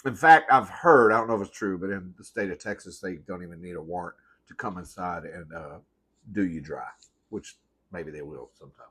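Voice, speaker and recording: In his thirties, this man hosts a comedy eating show from home, spinning rambling, sassy stories packed with swearing and calling his listeners "girl" while he eats. His voice sits low and is a little fast, a bit bright, and husky. He rambles and keeps correcting himself.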